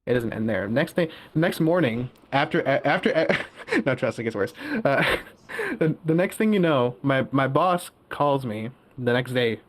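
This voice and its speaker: A man's voice: medium pitch, lively intonation, a little slow, slight background noise. A young man telling a workplace story in casual chat, often laughing and restarting his sentences. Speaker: guest caller.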